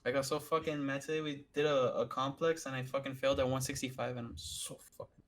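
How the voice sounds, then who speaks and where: A man's voice: mid-range voice, flat delivery, fast. A young man co-hosting a podcast, telling a frustrated story in casual chat with heavy swearing. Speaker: podcast co-host.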